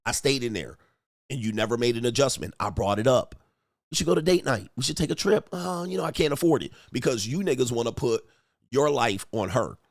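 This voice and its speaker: A man's voice: mid-range voice, brisk, no room sound, clean studio sound. A man giving casual relationship-coach commentary on online comments, blunt and profane, mimicking the men he quotes.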